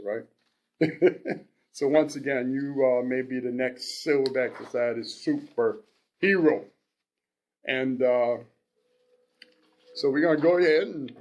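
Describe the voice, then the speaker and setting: A man in his sixties hosting a radio show, talking in an unhurried, halting way with frequent restarts. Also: mid-range voice, darkish tone, muffled recording. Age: 60s. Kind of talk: casual radio talk.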